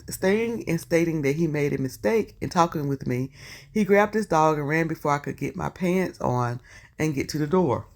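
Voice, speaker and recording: A woman's voice: deep voice, a little mellow. A woman with a Southern US accent reading posts aloud for her channel and breaking in with chatty asides and exclamations. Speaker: YouTube commentator.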